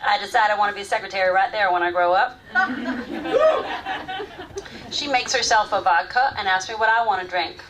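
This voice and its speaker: A woman's voice: mid-range voice, fast talker, over a noisy crowd, lightly acted. A woman playing a frank woman recalling first love. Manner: candid storytelling, shifting soft and loud. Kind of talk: live stage monologue. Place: theater stage, live audience. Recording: distant stage mic, faint room noise.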